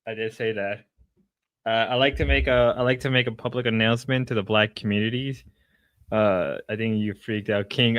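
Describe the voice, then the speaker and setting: Sick male streamer, bright tense voice, rambling casual chat with loud outbursts. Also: lowish voice, fairly even intonation, moderate pace.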